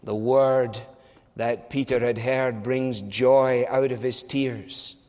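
A man's voice: mid-range voice, steady tone, darkish tone. Preacher guy, earnest and emphatic, drags out key words, long echo in a big church. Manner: earnest, emphatic, repeats and slows words for weight. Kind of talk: sermon.

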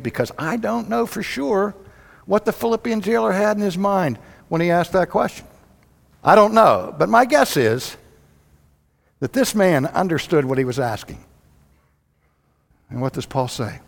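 A man preaching a sermon, telling the story dramatically, swinging from loud outbursts to hushed lows. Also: lively intonation, moderate pace, vocal fry, long pauses. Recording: long hall reverb.

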